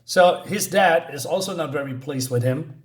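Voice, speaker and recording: A man's voice: fairly high pitch, moderate pace. A man casually recapping a comic book issue, reading out the characters' lines, with lots of fillers and a way of talking. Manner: retells the plot, reads out character lines with many fillers and laughs.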